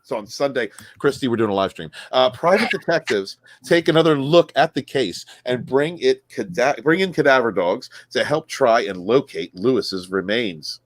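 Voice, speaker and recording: A man's voice: mid-range voice, expressive, moderate pace, few pauses, no room sound. A man hosts a chatty podcast, reading news stories aloud to his guests. His voice swings up and down with plenty of life. He trips over words and corrects himself, and the room is dry and close. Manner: reads stories aloud, stumbling and correcting himself, laughing often.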